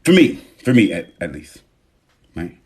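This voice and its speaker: A man hosting a live stream from his phone, talking in a relaxed, reflective way with loose slang and pausing to read viewer comments. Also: deep voice, a little hiss or hum. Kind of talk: casual live-stream talk. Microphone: phone mic.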